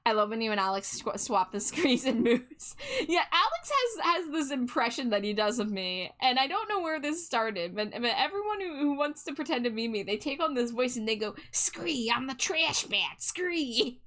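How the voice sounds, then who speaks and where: Woman streamer, bright forceful voice, a bit high, chatty, reads chat aloud. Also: very animated, fairly quick, hardly any pauses. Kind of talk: casual chat while drawing on stream.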